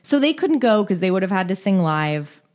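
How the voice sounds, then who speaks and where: A woman's voice: medium pitch, very animated, normal speed, darkish tone. Woman co-host reading a pop story. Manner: reads quotes aloud, breaks into laughter. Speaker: podcast co-host. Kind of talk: reading a script with casual asides.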